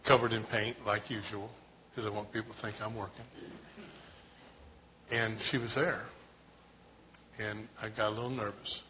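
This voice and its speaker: A man telling a casual, self-deprecating story to a church group in a relaxed way. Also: on the low side, normal speed, pauses often. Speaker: church member sharing a story. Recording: dull lo-fi sound with faint noise.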